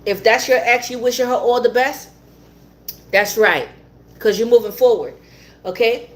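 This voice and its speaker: At a moderate pace and a fairly high pitch, a tarot reader delivers her reading bluntly. She repeats points, laughs a lot, and swears occasionally.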